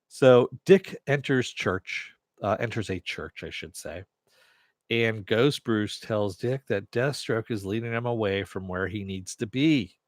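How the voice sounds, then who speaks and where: A man's voice: on the low side, slow, dry recording, clean studio sound. A man hosting a casual TV recap and review, chatty with sarcastic asides and the odd swear. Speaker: TV review host.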